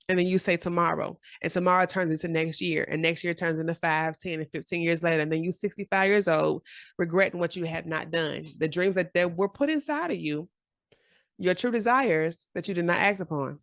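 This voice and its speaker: A woman in her forties giving a casual, encouraging motivational talk to camera, animated and often laughing. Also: lowish voice, a little fast, no echo, studio quality. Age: 40s. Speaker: journaling vlogger.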